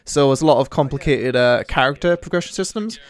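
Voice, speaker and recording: A man's voice: medium pitch, fairly quick, smooth. A man hosting gameplay commentary with friends, joking and rambling through explanations. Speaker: gaming channel host.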